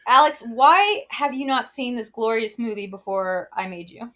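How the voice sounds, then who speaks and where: Bright, excitable woman co-hosting. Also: a little high, normal speed, slight background noise. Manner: excitable, swears, reads live chat aloud. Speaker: co-host. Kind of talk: casual podcast chat.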